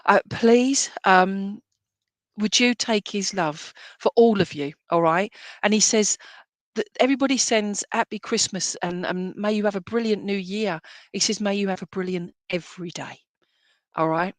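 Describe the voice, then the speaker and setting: A woman's voice: mid-range voice, measured pace, dry recording. A woman acting as a medium at a live-streamed church service, talking in an affectionate, reassuring way and often checking "all right?" with her listeners. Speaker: medium giving spirit readings.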